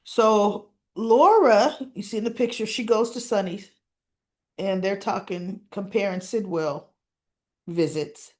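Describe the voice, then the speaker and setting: Woman host, unhurried chatty recap of a soap episode, mid-pitched voice, retells each scene line by line. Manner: retells scenes with "he says, she goes"; chatty, with asides to viewers.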